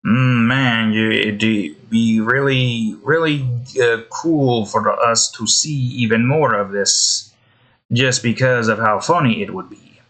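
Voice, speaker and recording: Indoors, a game content creator builds in a game and gives rambling commentary, often interrupting himself and swearing. His medium-pitched voice is slow and a bit bright.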